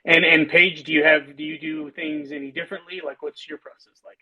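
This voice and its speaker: Bright-voiced male host, muffled. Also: on the high side, steady tone, brisk, creaky. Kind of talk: interview questions.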